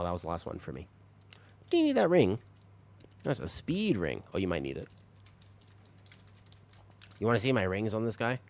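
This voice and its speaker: A man's voice: medium pitch, no room sound. A man streaming a game, chatting with his viewers and explaining things patiently while a little sick. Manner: explains patiently, lively and talkative, laughs often. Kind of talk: casual chat with stream chat while gaming.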